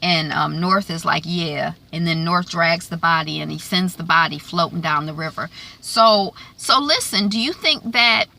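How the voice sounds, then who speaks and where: A woman recapping a TV episode in a chatty, animated way, full of fillers and asides. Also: fairly low pitch, moderate pace, creaky, few pauses. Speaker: TV recap vlogger. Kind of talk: casual recap and predictions.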